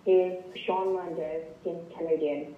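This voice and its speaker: A man's voice: on the high side, little pitch movement, takes it slowly. A man from Vietnam with a mixed American and British accent, calling in to chat about himself, eager but hesitant with many restarts. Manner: eager, hesitant, with repeated starts. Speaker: caller, tour guide. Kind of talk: casual phone-in chat. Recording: muffled roomy call-in line.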